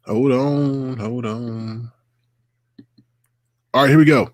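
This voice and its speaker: A man's voice: medium pitch, fairly even intonation, takes it slowly, dry recording. A man hosting a casual live online show, ranting and mocking the people he talks about, recorded on a computer mic. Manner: ranting, mocking impressions of others. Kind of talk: casual livestream commentary.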